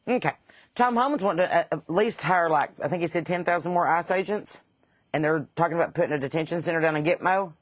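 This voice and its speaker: This Southern-accented woman podcast host has a lowish voice and talks fast, with no room sound in the recording. Her casual comedy is sarcastic and blunt, she cracks herself up, and sinus trouble leaves her slightly stuffy.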